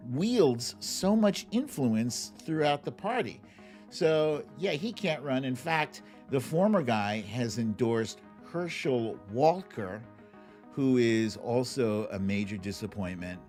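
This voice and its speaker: A man's voice: mid-range voice, lively intonation, slow, darkish tone, faint music behind. A man hosting a livestream, chatting casually about politics, laughing often and drawling when he mocks something. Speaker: livestream host.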